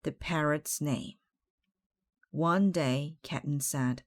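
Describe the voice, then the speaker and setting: A woman reading a children's picture book aloud, slowly and carefully. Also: deep voice, no room sound, studio quality. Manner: slow, careful read-aloud. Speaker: storybook reader.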